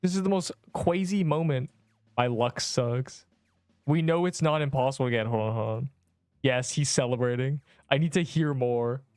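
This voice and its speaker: A hoarse young man casually chatting and joking while live-streaming a game. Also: medium pitch, a little mellow, dry recording, soft background music. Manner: joking, chatty, quick to laugh.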